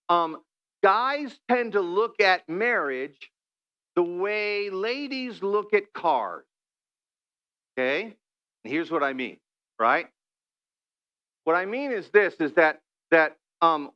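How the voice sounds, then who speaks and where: High-voiced pastor preaching conversationally. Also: male voice, pushed and bright, highs cut off. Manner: conversational, playful, acts out quoted couples. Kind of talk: sermon. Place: church sanctuary.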